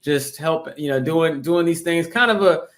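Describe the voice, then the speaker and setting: Male podcast co-host, slightly raised pitch, loose profane storyteller who stumbles and repeats words. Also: moderate pace, a bit bright. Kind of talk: comedic improvised storytelling.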